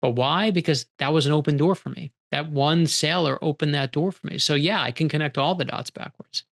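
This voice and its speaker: A middle-aged man with a gravelly, slightly creaky voice, talking in an interview. He recounts his stories with energy, acting out the lines of the people in them as he goes. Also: on the high side, brisk. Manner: animated storyteller acting out quoted dialogue. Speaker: author guest. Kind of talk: storytelling interview conversation.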